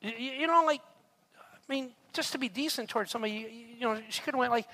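Animated man preaching a sermon. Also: very high voice, quick pace. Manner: animated storytelling with rhetorical asides. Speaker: pastor.

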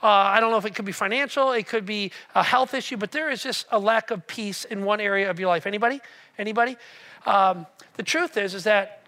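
A man's voice: high voice, brisk, pushed and bright. A man preaching a sermon to a church congregation, talking in a conversational, joking way and asking the room questions. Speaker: pastor. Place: church auditorium.

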